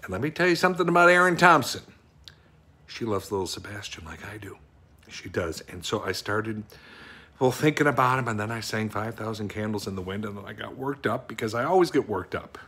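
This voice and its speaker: A man's voice: on the low side, animated, brisk, pushed and bright, breathy edge, full character voice. A middle-aged man playing a bumbling, sweet office worker in an improvised comic monologue, rambling and fretful as he talks to an unseen wife. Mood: sentimental. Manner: rambling, fretful, easily choked up.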